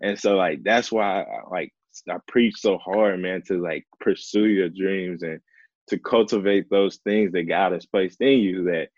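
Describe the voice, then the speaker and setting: A young man, a professional baseball player, telling a personal story in a relaxed, earnest way, leaning on "like" and "man" as he talks. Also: low-pitched, a little slow, dry recording, dull audio. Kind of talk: casual storytelling in conversation.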